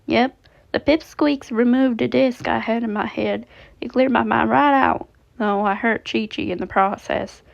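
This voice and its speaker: A woman's voice: a little high, measured pace, vocal fry. A woman doing a brash tough animatronic gator. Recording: dull lo-fi recording.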